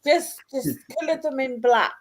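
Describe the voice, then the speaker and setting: An outspoken woman guest in a casual chat, speaking bluntly. Her voice is high and swings widely in pitch, and she talks at an unhurried pace. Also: sing-song.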